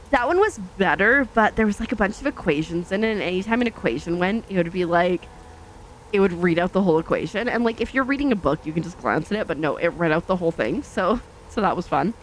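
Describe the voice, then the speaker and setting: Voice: mid-range voice, fairly bright tone, a little hiss or hum. A gaming channel host chatting casually while driving in a truck game, rambling with many fillers and self-corrections and acting out past thoughts in quoted asides.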